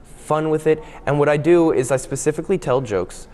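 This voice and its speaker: A young man, a guest comedian, chatting eagerly and telling a joke in a lively, laughing way. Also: on the high side, a little fast, in a large hall. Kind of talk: casual interview chat and joke telling.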